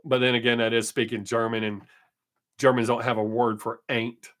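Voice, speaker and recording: A man's voice: medium pitch, flat delivery, normal speed, a bit bright. A man hosting his weekly live stream, chatting casually and answering viewer comments, brushing off critics. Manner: dismissive of critics.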